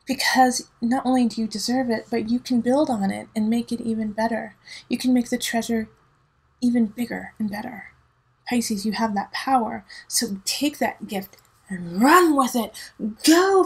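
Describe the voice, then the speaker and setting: A woman, a tarot reader and mother, chatting casually and rambling as she gives a reading, laughing often. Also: mid-range voice. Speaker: dance teacher and mother.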